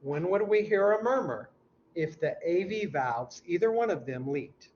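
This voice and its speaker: Man, teacher, classroom lecture, slow, a bit high, quizzes students, dull lo-fi sound, faint hum. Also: expressive. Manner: quizzes students, mimics heart sounds aloud.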